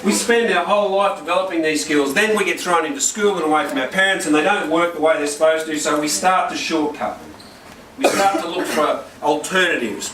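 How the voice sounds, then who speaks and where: A man, a corporate trainer telling stories to a workshop audience and often checking for agreement. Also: a little high. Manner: energetic storytelling, asks the room for agreement. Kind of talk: workshop talk to a live audience. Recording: roomy and distant, with noise.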